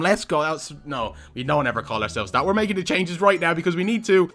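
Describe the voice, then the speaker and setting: A young man, commentating his own football video game play with excitable outbursts and banter. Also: a little high, a little fast, hardly any pauses, faint music behind. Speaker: gaming YouTuber. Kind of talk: live gameplay commentary.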